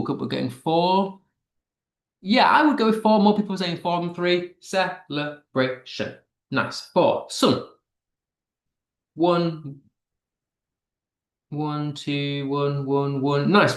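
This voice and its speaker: A man's voice: a little high, echoey room. A man teaching an online class, reading chat answers aloud and explaining step by step with frequent fillers.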